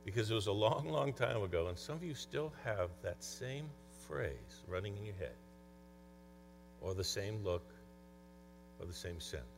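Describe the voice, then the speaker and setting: Very animated yet a little slow, the man's gravelly voice sits on the low side, with music in the background. He's a conference speaker and coach telling stories conversationally in a motivational talk. The audio carries long hall reverb and a faint mains hum.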